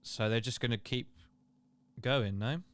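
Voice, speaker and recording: A man's voice: medium pitch, measured pace, a bit bright. A man hosting a casual live watchalong, chatting and reading viewer comments aloud. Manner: chatty, reads chat aloud, laughs and exclaims. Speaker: livestream host.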